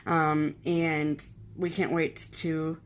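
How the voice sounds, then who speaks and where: A woman's voice: sits low, level tone, extremely slow, a little hiss or hum. A woman co-hosting a cross-stitch channel in casual chat, sentimental and talkative, running through long lists of things.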